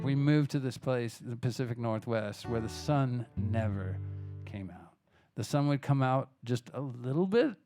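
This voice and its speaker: A man from Texas, a singer-songwriter in a live music club, rambling loosely between songs, restarting himself and swearing casually. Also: medium pitch. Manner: loose, chatty, self-interrupting, swears casually.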